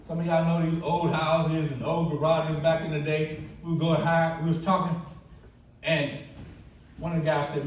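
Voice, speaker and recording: A man's voice: on the high side, normal speed, far from the mic, slight background noise. Storytelling man in an echoey hall. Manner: storytelling, acts out quoted friends in animated bursts. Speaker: keynote speaker. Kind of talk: testimony speech at a banquet. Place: church banquet hall.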